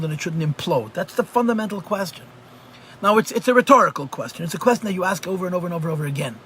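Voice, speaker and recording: A man's voice: high-pitched, bright, forceful tone, a little hiss or hum. A man teaching a live online class as a rabbi, talking conversationally and repeating phrases for emphasis. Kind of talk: live online Chassidus lesson. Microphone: computer mic on a video call.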